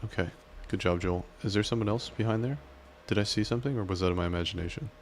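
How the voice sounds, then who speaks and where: A man casually commenting on his gameplay and chatting with his viewers in a relaxed way. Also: on the low side, fast talker, a little hiss or hum. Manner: relaxed, chatty, talks to chat. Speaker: game streamer.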